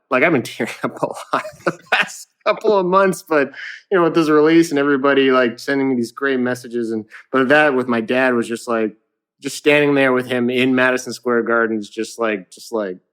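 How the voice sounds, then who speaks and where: A young man from Canada, a musician guest in a casual interview, telling animated stories with frequent laughter and casual swearing. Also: mid-range voice, a little fast, clean tone.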